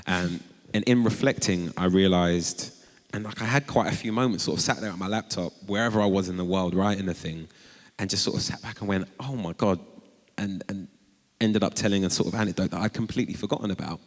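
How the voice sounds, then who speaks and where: A low-voiced man tells stories on stage, animated and quick to leap into high-pitched quoted exclamations. His voice rings out with a long reverb through a large chapel hall. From North London. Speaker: author and guest. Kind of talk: conversational storytelling on stage. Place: large chapel before a live audience.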